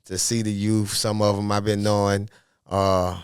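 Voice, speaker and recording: A man talking as a podcast guest in a casual interview, animated and full of streetwise slang. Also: lowish voice, measured pace, clear, resonant tone, no echo, studio quality. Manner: animated, streetwise slang, asks "you know what I mean". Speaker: podcast guest, golf caddie.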